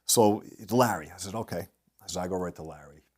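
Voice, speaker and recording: A middle-aged man with a fairly low voice talks as an interview guest. He tells lively anecdotes and slips into the voices of the people he quotes. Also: fast, breathy edge. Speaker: guest speaker, industry consultant. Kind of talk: storytelling in a podcast interview.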